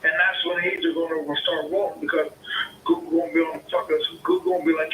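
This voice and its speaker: Heated male caller, bright and slightly high voice, profane and repetitive, heard over a roomy phone line with faint hiss. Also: little pitch movement, quick pace. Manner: swearing, repetitive, argumentative. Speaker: caller, homeowner. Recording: echoey phone call with faint noise.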